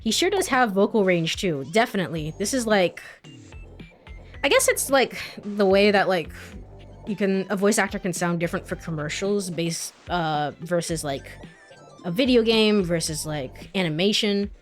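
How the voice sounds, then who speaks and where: A young woman streamer casually comments on a video game she's playing, chatty and giggly, with plenty of fillers. Her mid-range voice is animated and moves at a normal speed, with faint music in the background.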